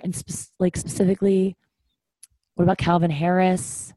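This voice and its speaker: A woman's voice: on the low side, level tone, moderate pace, warm tone, dry recording. Rambling, candid woman podcast host. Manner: rambling, with many fillers and restarts; candid and self-mocking. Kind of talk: casual confessional monologue.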